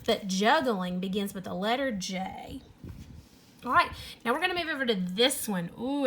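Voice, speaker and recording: High-voiced teacher, sing-song. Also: female voice, a little hiss or hum. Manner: animated, sing-song teacher voice with drawn-out words. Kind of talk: children's phonics lesson.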